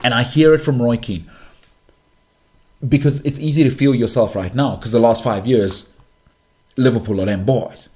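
A man's voice: mid-range voice, normal speed, pauses often, darkish tone. A man with a South African accent hosting his own show, giving an emphatic, slangy football opinion monologue. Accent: South African English. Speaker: show host. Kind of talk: opinionated sports commentary monologue.

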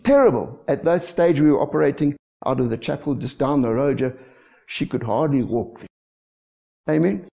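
Gravelly, animated preacher. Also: male voice, mid-range voice, moderate pace. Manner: lively preaching with frequent call-and-response asides. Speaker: pastor. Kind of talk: sermon. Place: church. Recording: dull lo-fi church recording.

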